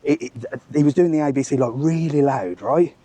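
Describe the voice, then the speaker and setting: Man, travel vlog host, animated swearing rant, slightly high voice, walking outdoors. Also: brisk, no echo. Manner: ranting, swearing, animated storytelling. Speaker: travel vlogger, live stream host. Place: outdoors among bars and restaurants.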